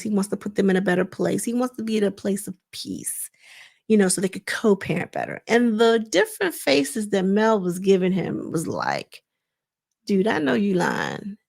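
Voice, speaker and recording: Chatty woman with a gravelly voice. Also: mid-range voice. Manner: chatty and digressive, retelling scenes in slangy everyday speech. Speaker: reality TV recap host. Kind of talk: casual recap commentary.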